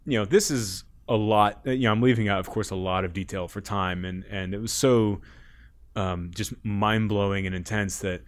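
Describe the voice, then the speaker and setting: A man as a podcast guest, telling a long story in a loose, animated way, laughing often and leaning on "like". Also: lowish voice, normal speed. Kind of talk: casual storytelling.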